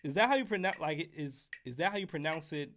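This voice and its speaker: A man's voice: fairly high pitch, quick pace, fairly bright tone, a little hiss or hum. An American man teaching trumpet scales on a live stream, casual and joking with the chat. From United States. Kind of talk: live-streamed music lesson.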